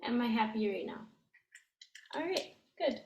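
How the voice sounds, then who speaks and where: Slow, patient woman teaching a language. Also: on the high side, expressive, creaky, reverberant, muffled recording, a little hiss or hum. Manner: gentle, explains step by step with frequent ums.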